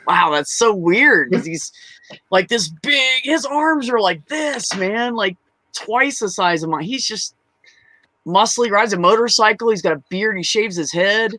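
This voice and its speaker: A man's voice: high voice, expressive, measured pace, pushed and bright, a little hiss or hum. A young adult man hosting a live open mic stream, chatting casually, laughing, swearing and mimicking his relatives as he tells stories. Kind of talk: casual chat.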